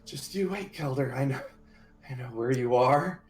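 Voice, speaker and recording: A man's voice: mid-range voice, normal speed, echoey room, close to an everyday voice. A man voicing a creepy ghost boy who taunts with cold menace. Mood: menacing.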